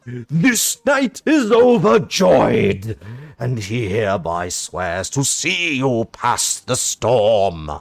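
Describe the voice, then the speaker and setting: A man's voice: big pitch swings, vocal fry, heavily acted. A man voicing a pompous, overeager worm knight who speaks in old-fashioned, grandiose declarations with a posh English accent. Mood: exultant. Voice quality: booming, theatrical archaic diction. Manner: loud, drawn-out, grandiose declarations.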